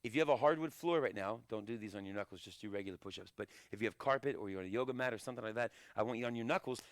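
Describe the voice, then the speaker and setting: Male karate instructor, dry close sound, energetic drill calls and jokes. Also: on the low side, racing, dry recording. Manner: energetic, shouts encouragement and countdowns, jokes between sets. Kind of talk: live online fitness class coaching.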